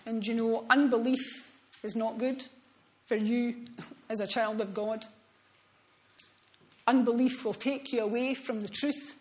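A female preacher delivers a sermon unhurriedly in a slightly high, steady voice. Her earnest, reflective delivery often drops into soft, hushed tones, and the audio is poor.

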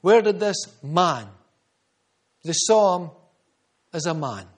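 High-voiced Scottish pastor preaching. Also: male voice, animated, slow pace. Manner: preaching with emphatic repetition, drops to quiet asides. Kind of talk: sermon.

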